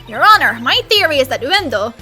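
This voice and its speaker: Figure: woman voicing an eager young lawyer. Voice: bright, high. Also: sing-song, brisk, soft background music, full character voice. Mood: excited.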